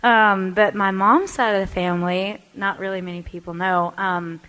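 A woman from Texas, a singer guest chatting casually in a radio studio interview, pausing on fillers and laughing easily. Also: mid-range voice, steady tone, fairly bright tone, low-quality recording.

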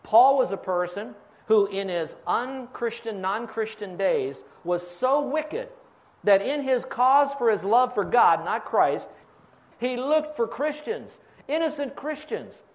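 A man's voice: high voice, very animated, slow pace. A pastor preaching a sermon, explaining step by step and quizzing his congregation for fill-in answers.

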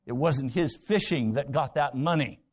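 A man's voice: medium pitch, normal speed. A man preaching a sermon, retelling Bible stories with dramatic voices and rhetorical questions. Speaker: pastor.

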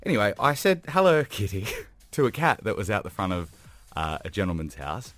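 A man co-hosting a radio show, telling a funny story in casual, animated chat with self-mocking humor and a noticeable accent. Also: sits low, fairly quick. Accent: non-local accent.

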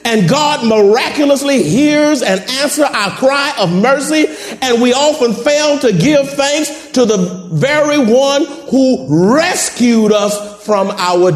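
High-voiced fervent preacher man. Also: reverberant. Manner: fervent, calls out to the congregation, rising to shouts. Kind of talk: sermon.

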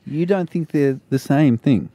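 A man's voice: a little high, unhurried, mellow, slight background noise. A man, co-hosting a radio show with casual, self-mocking banter and frequent laughter. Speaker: radio co-host.

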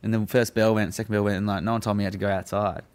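Casting: bloke, lowish pitch, loose profane storyteller, laughs a lot. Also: male voice, rapid-fire, clean tone. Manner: profane, laughs often, animated when recounting. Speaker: guest telling a prison story. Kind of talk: casual chat.

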